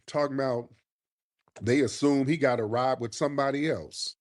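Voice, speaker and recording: A man hosting a casual live stream while hoarse from a cold, talking in slang and calling out to his viewers. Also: mid-range voice, steady tone, moderate pace. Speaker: livestream host. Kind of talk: casual livestream commentary.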